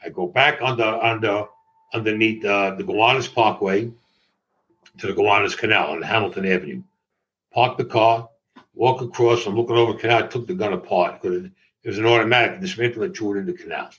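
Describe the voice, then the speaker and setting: A man's voice: fairly low pitch, a little fast, fairly bright tone, a little hiss or hum. An older man, an interview guest recounting a personal story in a matter-of-fact way and acting out other people's lines. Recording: dull lo-fi audio.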